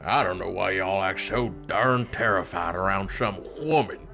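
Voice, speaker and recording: A deep, sneering saloon bully. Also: male voice, normal speed, vocal fry, over music. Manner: sneering and aggressive. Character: belligerent, bigoted saloon bully man.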